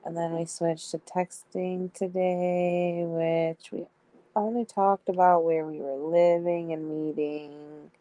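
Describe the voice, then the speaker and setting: A woman's voice: on the low side, level tone, takes it slowly, mellow, no echo. A young woman streamer casually reading out both sides of a text chat, giggling often. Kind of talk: casual live-stream storytelling.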